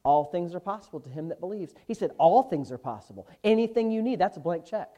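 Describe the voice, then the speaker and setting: A male pastor, preaching a Bible lesson, slowing down and swelling in volume when he quotes scripture. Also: high voice, warm tone. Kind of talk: sermon.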